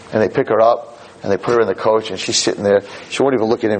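A man teaching a Torah lesson through animated storytelling, repeating phrases for emphasis. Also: on the low side, quick pace, slight background noise, poor audio.

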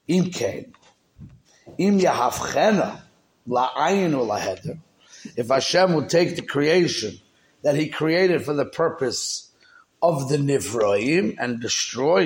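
A man teaching a Torah class, mixing Hebrew terms into his explanations and checking in with his listeners. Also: mid-range voice.

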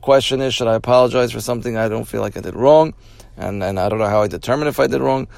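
A man's voice: mid-range voice, fast talker, creaky, a little mellow, dry recording. A man hosting an advice podcast, talking it through in a repetitive way and restarting his phrases as he explains. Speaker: podcast host.

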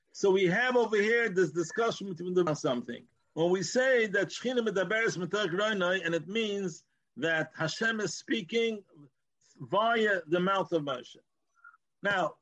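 A man's voice: high-pitched, lo-fi sound. A man teaching a Torah class, explaining as he goes and mixing in Hebrew and Yiddish terms, with frequent restarts.

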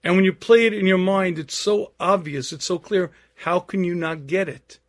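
Throat-clearing man giving a Torah lecture. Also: high voice, fairly even intonation, normal speed. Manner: frequent throat-clearing, earnest storytelling.

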